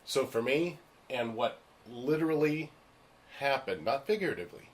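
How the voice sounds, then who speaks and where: Animated man telling actor stories. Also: mid-range voice, normal speed. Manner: animated, acts out the voices of people in his stories; frank and emphatic. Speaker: stage and screen actor. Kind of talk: casual storytelling chat.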